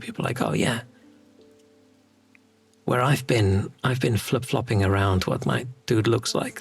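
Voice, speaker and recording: Gravelly South African man, musing aloud. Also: mid-range voice. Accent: South African English. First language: Afrikaans. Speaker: streamer. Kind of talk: casual game-stream chat.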